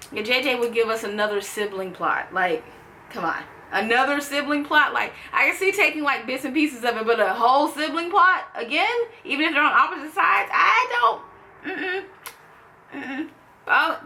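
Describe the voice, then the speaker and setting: A young woman talking casually and playfully to camera in a fan-theory vlog, full of animated asides. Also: on the high side. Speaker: vlogger.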